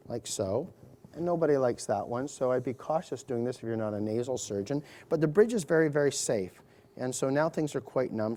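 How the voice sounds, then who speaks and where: A man's voice: mid-range voice, dark tone. A middle-aged man, a surgeon, narrating a live procedure demonstration to an audience, explaining each step with chatty, joking asides.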